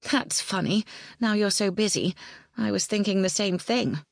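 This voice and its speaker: A woman's voice: mid-range voice, moderate pace, vocal fry, no echo, clean studio sound, voice pushed up. A woman doing a sassy young agent. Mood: playful. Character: young English woman, a confident literary agent.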